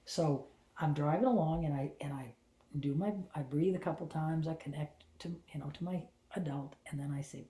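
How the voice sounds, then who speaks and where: A middle-aged woman with a low, mellow voice tells a personal story with animation, and her quieter asides slip into a hush. The sound is roomy, with a clear echo around her. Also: moderate pace. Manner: animated, drops into hushed whispers for inner thoughts. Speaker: host and spiritual channeler.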